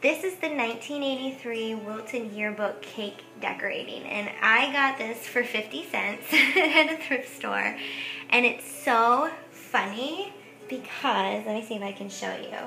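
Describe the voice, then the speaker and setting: A woman's voice: fairly high pitch, measured pace, sharp tone. A woman craft vlogger chatting casually about thrift finds, giggling often and saying "like" a lot. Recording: echoey room.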